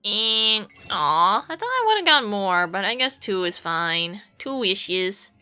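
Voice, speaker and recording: A woman's voice: mid-range voice, sing-song, slow pace, sharp tone, clean tone, faint music behind. A woman streamer giving casual gameplay commentary, rambling playfully to her viewers and swearing now and then.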